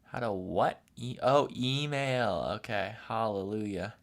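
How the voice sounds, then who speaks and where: A man's voice: lowish voice, unhurried. A man live-streaming while he draws, chatting casually with his viewers in a playful, teasing way. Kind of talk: casual chat while drawing.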